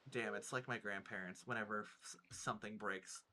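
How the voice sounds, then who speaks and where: A man's voice: on the low side, fairly even intonation, moderate pace, noisy background. A man with a Minnesotan accent chatting playfully over a game stream, joking and swearing. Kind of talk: casual gaming stream commentary.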